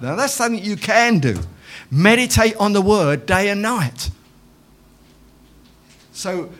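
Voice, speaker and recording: A man's voice: high voice, a bit bright. A man preaching a sermon in church, emphatic, repeating his phrases and calling for amens.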